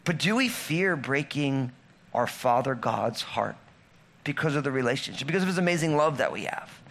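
A man in his thirties preaching a sermon, conversational, swinging between loud emphatic lines and low quiet ones. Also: animated, normal speed, vocal fry. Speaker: pastor.

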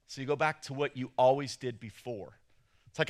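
A man preaching a sermon as pastor, telling a story with big swings between loud bursts and hushed moments. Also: mid-range voice, very animated, fast.

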